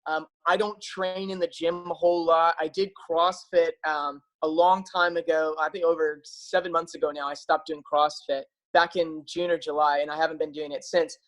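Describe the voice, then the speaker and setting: This man's voice is fairly high and mostly flat, with a moderate pace, few pauses, and a slightly bright tone over poor audio. He talks to his viewers as a health practitioner in a casual, eager way, upbeat and persuasive, filling his speech with lots of fillers as he chats enthusiastically to camera.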